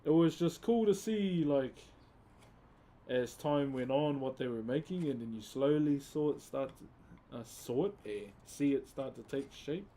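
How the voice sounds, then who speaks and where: A man's voice: mid-range voice, lively intonation, a little slow, mellow. A laid-back man from New Zealand with a New Zealand accent, chatting casually with his live-stream viewers while he carves wood and calling them bro.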